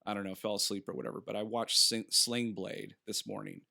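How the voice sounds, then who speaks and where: A man co-hosting a podcast breezes through a movie review, rambling, laughing frequently and acting out snatches of dialogue; he seems to be in his thirties. His fairly low voice is creaky, pushed and bright, brisk in pace with little pitch movement.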